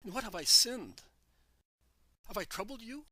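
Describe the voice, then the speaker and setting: A man's voice: high voice, sing-song, takes it slowly, sharp tone, dry recording, full character voice. A man reading aloud, voicing an old male teacher who pleads through sobs. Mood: desperate pleading. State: sobbing.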